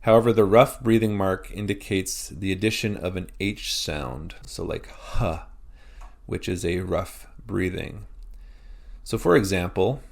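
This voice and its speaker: A Canadian man teaching a recorded lesson, explaining slowly and deliberately with example words. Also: sits low, gravelly.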